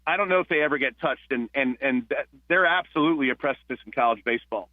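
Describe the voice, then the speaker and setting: A man from New Jersey, a retired police officer, telling stories as a guest on a phone-in radio interview, with halting restarts. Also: mid-range voice, no echo. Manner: warm storyteller, halting restarts. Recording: tinny phone line.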